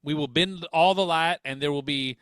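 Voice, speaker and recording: A man co-hosting a comedic podcast, riffing absurd bits in a deadpan way. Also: fairly high pitch, moderate pace, clear, resonant tone, no room sound, studio quality. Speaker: co-host.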